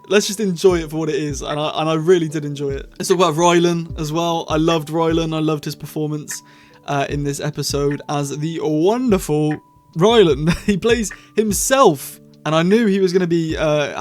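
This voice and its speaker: Rambling man reviewing, faint music. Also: on the high side. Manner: rambling, self-correcting, apologetic asides. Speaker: YouTube reviewer. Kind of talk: casual solo review.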